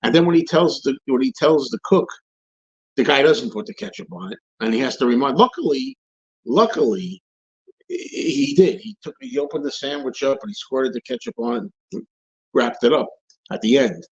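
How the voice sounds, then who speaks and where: A man's voice: mid-range voice, moderate pace, vocal fry, husky. Guy ranting on his stream, voice jumping all over, kinda muffled lo-fi audio. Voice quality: repeats and restarts phrases, animated storyteller. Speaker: livestream host answering viewer questions. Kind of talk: casual rambling chat and rant.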